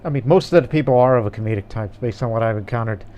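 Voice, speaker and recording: A man's voice: medium pitch, very fast, warm tone, dull audio, a little hiss or hum. A man co-hosting a casual gaming podcast, rambling with fillers and restarts. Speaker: podcast co-host.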